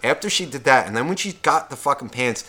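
A man's voice: mid-range voice, lively intonation, fast, sharp tone, husky. A man on a podcast, telling a profane shopping story and acting out both sides of the conversation. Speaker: podcast co-host. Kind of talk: casual storytelling rant.

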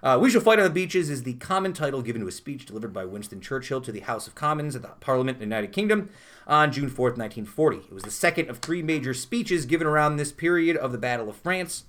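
Lively, chatty male podcast host. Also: mid-range voice, fast talker. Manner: chatty, jokey, reads trivia aloud with asides. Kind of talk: casual chat and trivia reading.

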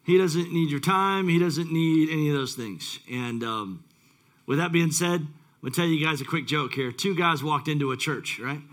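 A man's voice: on the high side, moderate pace, fairly bright tone. A male pastor preaching a casual, rambling sermon with many fillers and self-deprecating asides.

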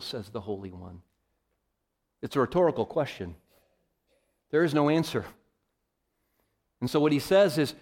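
A man preaching a sermon, emphatic, often calling his listeners "folks" and swinging from loud declarations to quiet, low asides. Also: very animated, normal speed, long pauses. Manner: emphatic, varies loudness widely, addresses listeners as folks.

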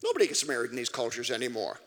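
A man preaching to an audience in an emphatic way, breaking into sudden loud, high outbursts. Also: very animated, very fast. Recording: long reverb of a large hall.

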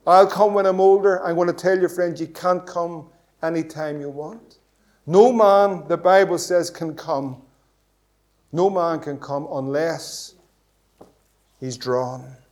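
A pastor delivers an impassioned evangelistic sermon, posing rhetorical questions and swinging between loud and hushed delivery. His voice sits on the high side, and he takes it slowly with frequent pauses.

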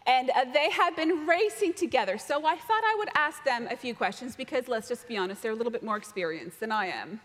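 A woman leading a lively children's talk in church, animated with the kids. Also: high voice, fairly quick, few pauses. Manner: animated, shouting out a count. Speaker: children's message leader. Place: church sanctuary. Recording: reverberant church hall.

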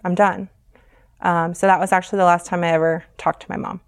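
Brief: young woman guest, slightly low, smooth yet gravelly, frank halting storyteller. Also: flat delivery. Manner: frank, halting, many fillers and "like". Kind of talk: personal storytelling in conversation.

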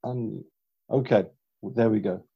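A man's voice: on the low side, steady tone, a little slow, vocal fry, breathy edge. A man speaking last on a panel, hesitant with many ums. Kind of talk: panel talk. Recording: muffled, dull audio.

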